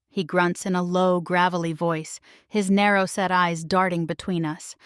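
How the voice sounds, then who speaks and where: A woman narrating a first-person audiobook in an even, measured storytelling voice. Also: lowish voice, dry recording, studio quality.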